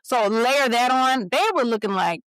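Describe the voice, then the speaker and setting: A woman's voice: fairly high pitch, moderate pace, a bit bright, smooth, no echo. A woman actress, a guest who speaks expressively and swoops into playful voices in a casual chat. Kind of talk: casual conversation.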